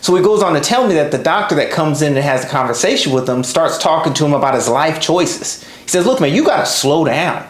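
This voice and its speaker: A man in his thirties spins a casual personal story with a relaxed, chatty delivery and lively asides. His voice sits a bit high, and the room gives it a clear ringing echo. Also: fast, hardly any pauses. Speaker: podcast storyteller. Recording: roomy echo.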